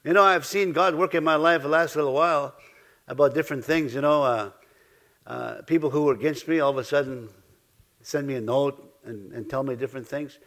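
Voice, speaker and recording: A middle-aged man preaching a sermon, halting and repeating himself, swinging between loud exclamations and soft asides. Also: mid-range voice. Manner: halting, repeats words and restarts.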